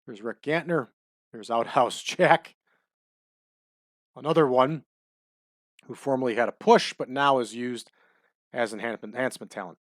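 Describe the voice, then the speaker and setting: A man giving relaxed, chatty commentary over a wrestling management game, adding trivia as he goes. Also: medium pitch, normal speed, pauses often, dry recording, studio quality. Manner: laid-back, chatty, adds wrestling trivia.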